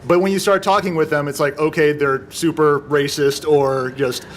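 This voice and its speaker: A man on a convention panel in relaxed casual talk, tossing in quick jokes. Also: on the high side, a little hiss or hum.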